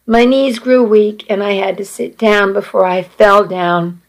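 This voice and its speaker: A woman's voice: medium pitch, steady tone, unhurried, rough recording. A woman narrating a first-person story in a plain, earnest reading voice.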